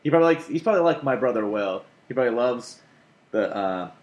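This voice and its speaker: A man co-hosting a podcast in casual chat, animated and sometimes trailing off into low mumbles. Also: quick pace. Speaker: podcast co-host.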